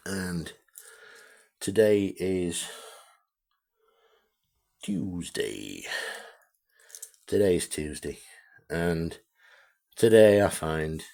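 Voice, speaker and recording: Very deep-voiced man ranting. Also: very slow, pauses often, mellow. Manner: blunt, heavily profane, repetitive. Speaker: amateur radio vlogger. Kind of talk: ranting video monologue.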